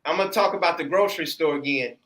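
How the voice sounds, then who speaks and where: A man's voice: on the high side, fast, a bit bright. A man chatting casually and bluntly, with slang and loose swearing. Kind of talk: casual chat. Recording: echoey room.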